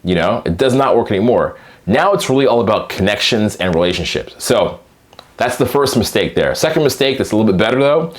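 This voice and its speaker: A man coaching on dating and sales in a casual, animated monologue, acting out short exchanges with plenty of filler words. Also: fairly low pitch. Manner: animated, acts out quick dialogues with filler words.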